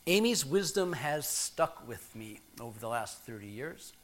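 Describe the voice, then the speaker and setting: A man in his fifties preaching a sermon, reflective and measured with pauses. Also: medium pitch, big pitch swings. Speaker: pastor.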